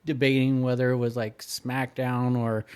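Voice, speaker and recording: A podcast co-host reads through follow-up notes and lists in a casual, filler-laden chat, sounding hesitant. His mid-range voice stays level and smooth, a little mellow, at a moderate pace.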